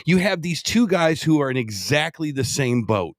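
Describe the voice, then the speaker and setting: A man co-hosting a talk show, bantering about politics in a lively, joking way. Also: fairly high pitch, moderate pace, no echo, clean studio sound. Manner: animated, does mocking impressions. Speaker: co-host.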